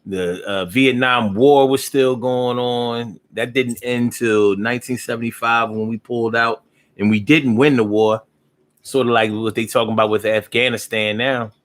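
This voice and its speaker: A man's voice: mid-range voice, fairly even intonation, normal speed. Rambling laid-back man on a live stream. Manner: loose and rambling, slips into freestyle rhyming. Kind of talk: casual live chat reading viewer comments.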